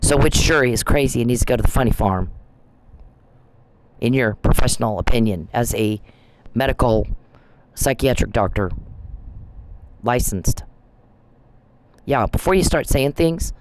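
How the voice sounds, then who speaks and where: A man's voice: mid-range voice, animated, a little slow, long pauses, slight background noise, poor audio. A man vlogging, speaking in a confrontational, accusing way straight to someone he blames. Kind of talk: monologue video addressing an absent person.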